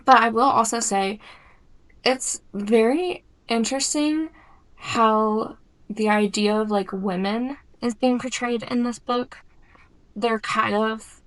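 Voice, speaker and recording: A woman's voice: a little high, slow pace, low-quality recording. Chatty young woman reviewing a book. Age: 20s. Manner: chatty, uses filler "like" often. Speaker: book vlogger. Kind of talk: casual book review vlog.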